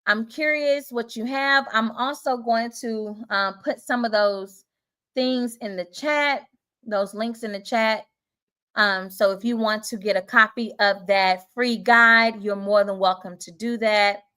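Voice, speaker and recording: A woman's voice: fairly high pitch, steady tone, a little slow, sharp tone, smooth. Upbeat Southern woman coaching teachers. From Southern United States. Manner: encouraging, chatty, reads out viewer comments. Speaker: teacher coach hosting a live stream. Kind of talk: casual live-stream talk to viewers.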